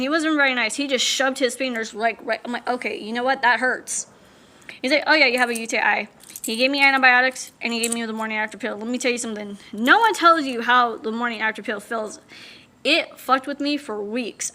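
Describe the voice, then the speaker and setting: A woman's voice: a little high, pushed and bright. A woman vlogger candidly telling a personal story, blunt and swearing, acting out what people said.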